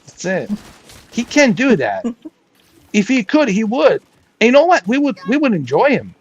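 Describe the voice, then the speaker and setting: A man's voice: high voice, huge pitch swings, moderate pace, slightly rough, rough recording. A man ranting crudely and mocking someone in casual chat, laughing often as he goes. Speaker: gaming streamer.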